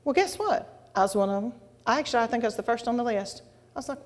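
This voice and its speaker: A woman preaching a testimony sermon to a congregation, folksy and animated, with exclamations and asides. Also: on the high side, quick pace. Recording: long hall reverb.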